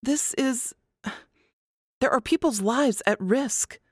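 A woman's voice: high-pitched, takes it slowly, slightly rough, no echo, studio quality, pitched above the performer's own voice, heavily acted. Woman voicing a tense, urgent young woman agent. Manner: raised, pressing, strained questions.

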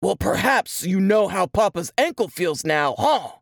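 Woman doing a cruel drunk father, roaring, mocking, gravelly, slow, off-mic. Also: medium pitch, big pitch swings, no room sound, clean studio sound, heavily acted. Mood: taunting.

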